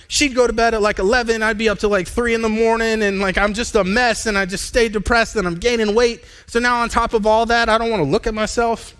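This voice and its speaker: A man in his thirties, a pastor, preaching a candid personal testimony in a live church sermon, halting and restarting as he talks. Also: high voice, a bit bright. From United States. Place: church sanctuary.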